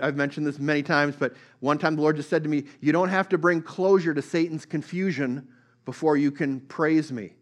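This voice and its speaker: Earnest preaching man, higher voice. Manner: earnest, builds from soft storytelling to rising emphatic preaching. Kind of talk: sermon.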